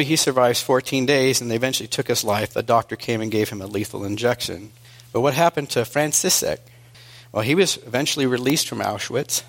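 Earnest male preacher telling a story. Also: medium pitch. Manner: earnest storytelling, swings between hushed and emphatic. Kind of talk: sermon.

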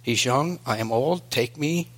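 A man voicing a calm, self-sacrificing old priest. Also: mid-range voice, unhurried, lightly acted. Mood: earnest.

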